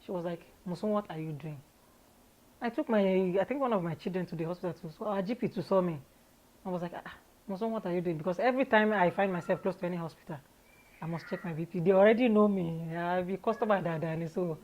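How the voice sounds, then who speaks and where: A woman's voice: on the low side, fast, low-quality recording. Laughing Nigerian woman telling her story. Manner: lively, candid storyteller who laughs often. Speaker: interview guest. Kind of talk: casual storytelling interview.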